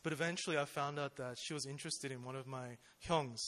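A man's voice: medium pitch, fairly even intonation, fast, fairly bright tone. A young man speaking at church in a casual, conversational sermon, full of fillers and questions to his listeners. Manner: informal, with many fillers and rhetorical questions.

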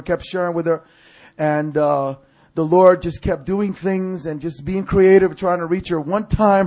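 A male preacher telling a story in a sermon. He shouts other people's lines in a high voice.

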